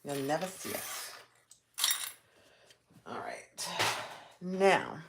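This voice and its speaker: This low-pitched woman's voice swoops wildly in pitch, drags out words, and carries vocal fry against a noisy background. Hosting a live sewing tutorial, she chats with her audience, reads their comments, and reacts out loud as she works.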